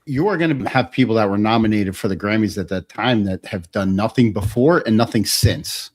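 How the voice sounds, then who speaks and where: A man's voice: fairly low pitch, fairly quick. A man co-hosting a podcast, making blunt, mocking remarks in casual chat. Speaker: podcast co-host.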